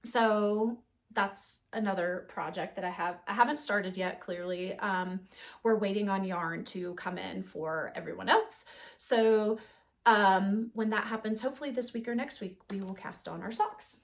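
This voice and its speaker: A woman's voice: mid-range voice, unhurried. A woman hosting her knitting podcast, chatting casually through a show-and-tell with frequent ums and restarts. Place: home knitting corner.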